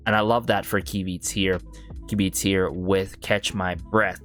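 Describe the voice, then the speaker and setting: A man's voice: low voice, flat delivery, unhurried, fairly bright tone. A man hosting a K-pop reaction video, talking with enthusiasm and often checking in with the listener with "right?" and "you know what I'm saying?". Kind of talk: casual music reaction commentary. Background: faint music from the video being reviewed.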